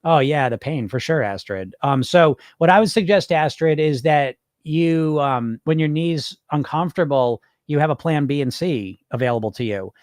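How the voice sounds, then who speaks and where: A man's voice: on the high side, lively intonation, moderate pace, few pauses, a little mellow, no echo, clean studio sound. A middle-aged man hosting a live podcast stream, chatting loosely and reading viewer comments aloud with many fillers and restarts. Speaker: podcast host answering live chat. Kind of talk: casual live-stream talk.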